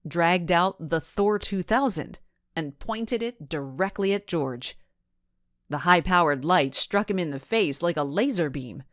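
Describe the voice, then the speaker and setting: Slow, expressive woman audiobook narrator. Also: on the low side, dry recording, clean studio sound. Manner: expressive storytelling. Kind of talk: scripted children's audiobook narration.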